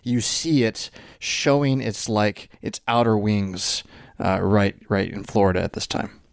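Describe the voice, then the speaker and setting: Male pastor co-host, low gravelly voice, searching and halting delivery. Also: fairly even intonation, no echo, clean studio sound. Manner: halting, searching speech with many restarts and fillers. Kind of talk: reflective discussion.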